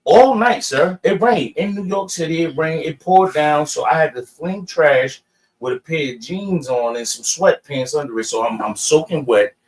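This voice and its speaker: Animated man telling a story from afar. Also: fairly high pitch, normal speed, distant mic, rough recording. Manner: animated, addresses the leader as sir. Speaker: participant. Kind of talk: casual storytelling.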